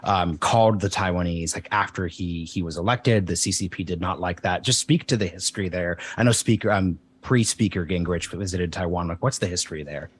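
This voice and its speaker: A man with a very deep, husky voice asks interview questions. He speaks casually and haltingly, with fillers between his words.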